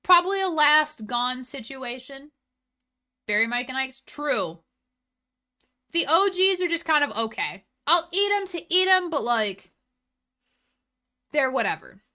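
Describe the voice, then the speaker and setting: Bright-voiced young woman streamer. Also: high-pitched, very animated, measured pace, long pauses. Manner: chatty, swears a lot, blunt opinions. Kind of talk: casual chat stream, reading chat.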